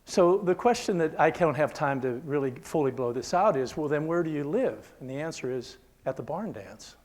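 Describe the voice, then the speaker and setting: A man's voice: a little high, expressive, moderate pace. Earnest older man teaching a seminar. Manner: earnest, checks in with listeners often; drops to a hushed whisper when telling stories. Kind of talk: conversational sermon teaching.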